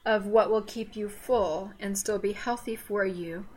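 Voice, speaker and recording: A woman's voice: medium pitch, fairly even intonation, a little slow, background noise. Chatty Southern woman. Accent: Southern American. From Southern United States. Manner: chatty and digressive, with teasing asides and laughter. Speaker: podcast co-host. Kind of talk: casual faith podcast chat.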